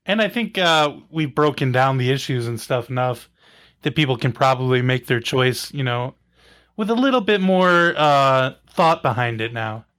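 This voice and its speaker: Male co-host, bouncy pitch, laughs a lot, plays along. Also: animated, moderate pace, fairly bright tone. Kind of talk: casual comedic chat.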